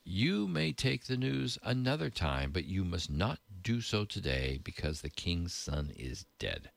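A man reading the lines of a stern male army commander in a deep, gravelly voice. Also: very animated, unhurried, heavily acted.

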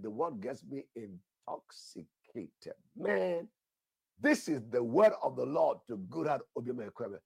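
A man's voice: fairly high pitch, creaky, slightly rough, no room sound, studio quality. A man preaching a sermon, emphatic, repeating his phrases and asking the listeners questions, with bursts of prayer in tongues.

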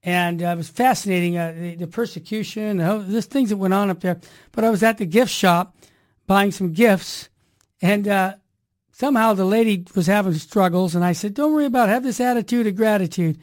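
Energetic woman hosting a faith talk show. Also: medium pitch, normal speed. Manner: energetic, preachy, repeats rhyming slogans. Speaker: host of a Catholic talk show. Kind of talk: radio talk show commentary.

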